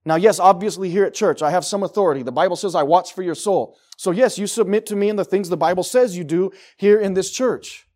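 A man preaching a sermon to his congregation in church, swinging from loud declarations to quiet, low asides. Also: fast, hardly any pauses. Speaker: pastor.

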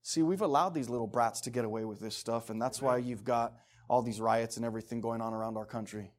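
A man's voice: medium pitch, quick pace. A middle-aged man preaching a casual sermon, talking conversationally and emphatically and acting out the voices he quotes.

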